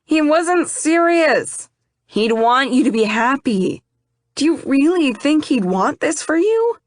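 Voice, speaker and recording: Female narrator doing a young male best friend, gentle, teasing, reassuring, dry. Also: high voice, sing-song, slow, dry recording, voice pushed up, heavily acted. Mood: urging.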